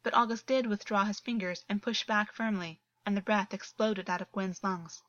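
A woman reads a story aloud as scripted narration, keeping a steady, even flow. Her voice sits in a middle register. The recording is dry and slightly muffled, without room sound. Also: medium pitch, moderate pace, no room sound. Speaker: audiobook reader.

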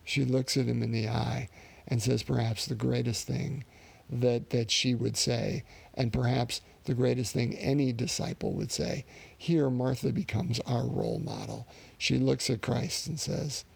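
Guy preaching a sermon, real gravelly husky voice, earnest and thoughtful. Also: medium pitch, darkish tone. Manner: earnest, reflective, with restarts and pauses.

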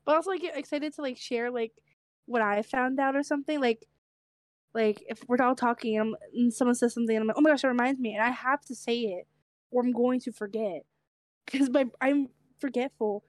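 A young woman co-hosting a casual podcast chat, speaking with a slight stutter and a lisp, chatty and quick to laugh. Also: on the high side, dry recording. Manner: chatty, quick to laugh, repeats herself when tired. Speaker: podcast co-host.

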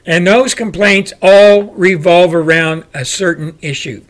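Male host, forceful ranter, slightly high voice. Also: a little slow. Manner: loud, forceful, ranting delivery. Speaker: show host. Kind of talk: political commentary monologue.

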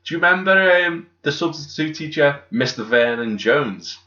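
A man's voice: a little high, animated, moderate pace, bright, forceful tone. A man, co-hosting a podcast in jokey, casual banter. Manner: jokey, does silly voices. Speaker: podcast co-host. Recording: echoey, dull-sounding room.

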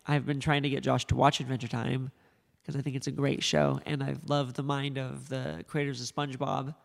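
Gravelly, rambling podcast co-host man. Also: mid-range voice, level tone, moderate pace, big-room sound. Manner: joking, rambling storyteller. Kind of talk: casual podcast chat.

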